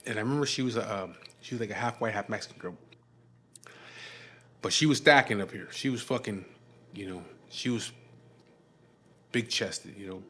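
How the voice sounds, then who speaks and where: Male storyteller, Chicano English, lowish voice, casual and crude, lots of fillers. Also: moderate pace, long pauses, fairly bright tone, slightly rough. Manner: profane, rambling, many fillers and restarts.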